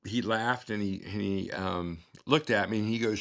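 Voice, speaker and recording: A man's voice: lowish voice, measured pace, gravelly, a bit bright. A middle-aged man from the United States, a father telling a long story in an interview, rambling with many fillers and acting out past dialogue. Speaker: guest, father and scuba therapy founder.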